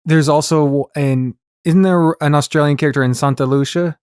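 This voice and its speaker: Man, podcast host, casual chat, somewhat high voice, dry sound. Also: steady tone, normal speed, darkish tone, smooth, dry recording.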